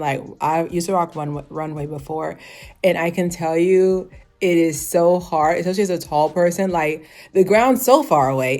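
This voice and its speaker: A woman's voice: fairly low pitch, a little mellow. A woman in her thirties giving a casual, rambling review, full of "like" and frequent laughter. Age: 30s. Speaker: fashion show reviewer.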